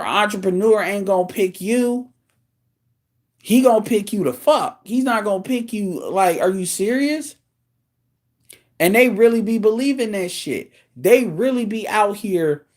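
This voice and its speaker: Animated man ranting bluntly. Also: high-pitched, a little slow. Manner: blunt, profane, incredulous ranting. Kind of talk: casual rant commentary.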